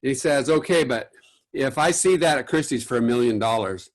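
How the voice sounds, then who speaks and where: A man's voice: medium pitch, animated, brisk. A man who works as an art conservator, giving a lecture and telling a story with many fillers and restarts, acting out what other people said. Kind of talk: recorded lecture with anecdotes.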